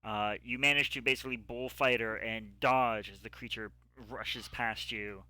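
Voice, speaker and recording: Man, game master, tabletop narration, bright voice, dry close sound, halting with fillers. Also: medium pitch, steady tone, clean tone, dry recording. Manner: halting descriptive narration with many ums. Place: home setup, streamed live.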